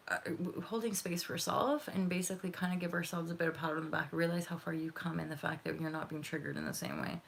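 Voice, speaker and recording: A woman's voice: low voice, vocal fry, fairly bright tone, a little hiss or hum. A young woman from Canada giving a casual tarot reading, rambling, swearing and laughing as she goes. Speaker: intuitive tarot reader. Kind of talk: casual livestream reading and chat.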